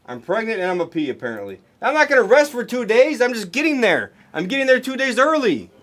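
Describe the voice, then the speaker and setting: A man's voice: extremely high pitch, sing-song, quick pace, a bit bright. A man hosting a live card break, chatting casually and rambling to viewers with many restarts. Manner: rambling, talks to chat viewers, restarts often. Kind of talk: casual livestream chat.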